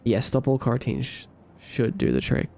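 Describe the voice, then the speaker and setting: Male streamer, fry in the voice, drowsy and rambling as he codes and chats with viewers. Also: medium pitch, normal speed. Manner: relaxed, rambling, thinks aloud, hums to himself. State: sleepy. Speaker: streamer coding a game. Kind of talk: casual live-stream chat while coding.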